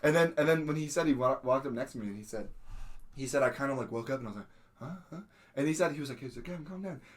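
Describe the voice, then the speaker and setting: A young adult man telling a story in casual podcast chat, acting out quotes with sudden shouts. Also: mid-range voice, very fast. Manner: many fillers and restarts, laughing. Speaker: podcast host.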